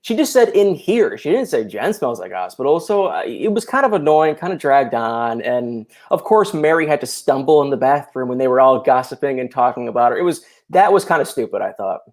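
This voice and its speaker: A man's voice: medium pitch, lively intonation, a little fast, hardly any pauses. A man in a mid-range voice speaking as a guest on a video call. He talks animatedly and with strong opinions, often stopping to restart his sentences. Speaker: guest YouTuber. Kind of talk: casual chat.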